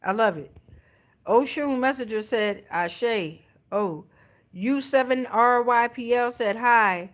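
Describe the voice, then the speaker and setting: A woman's voice: fairly high pitch, slow. Laid-back, profane woman streamer. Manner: loose, profane, laughing, street slang. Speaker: tarot livestream host. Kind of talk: casual livestream chat reading comments.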